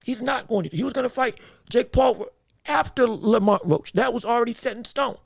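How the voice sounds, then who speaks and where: A man with a very high-pitched, gravelly voice and a breathy edge hosts a boxing podcast at normal speed, with no echo. He drives his points home emphatically, repeating himself and stumbling into frequent restarts.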